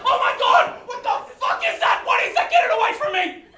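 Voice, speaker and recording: A man's voice: extremely high pitch, sing-song, a little fast, bright, forceful tone, far from the mic, a faint crowd, pitched above the performer's own voice, full character voice. A man putting on a panicked father who shrieks in horror. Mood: horrified shrieking. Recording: echoey stage audio, audience noise.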